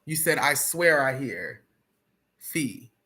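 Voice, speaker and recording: Slow, deliberate chant teacher with a bright, forward voice who laughs at themselves between chants. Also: mid-range voice, big pitch swings. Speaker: spiritual teacher.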